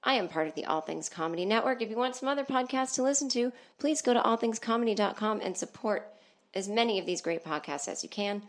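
A woman's voice: on the high side, expressive, fast. A woman hosting her comedy podcast, rambling and self-deprecating, swearing freely from a small soundproof booth. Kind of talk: casual comedic monologue.

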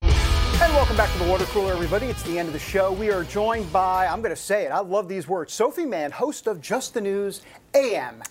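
A woman's voice: medium pitch, lively intonation, brisk, faint music behind. A woman hosting a talk show, delivering a sarcastic, mocking opinion monologue and interviewing a guest.

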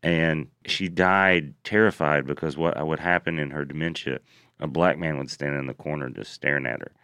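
A man co-hosting a comedy podcast, telling stories in an animated, joking way. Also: a bass voice, normal speed, clean tone, no room sound, studio quality. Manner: animated storyteller, jokey voices for quotes. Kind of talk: casual comedic chat.

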